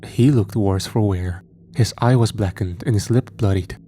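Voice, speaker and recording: A man narrating a first-person horror story in a measured, steady way. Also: lowish voice, faint music behind.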